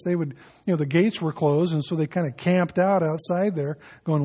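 High-voiced man preaching a sermon. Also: steady tone, moderate pace. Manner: preaching with big swings from loud emphasis to soft, hushed appeals; folksy asides and light humor. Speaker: pastor.

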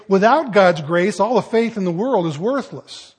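Man, preacher, sermon, husky, a bit high-pitched, folksy asides. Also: expressive, normal speed. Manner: conversational, folksy asides while reading scripture.

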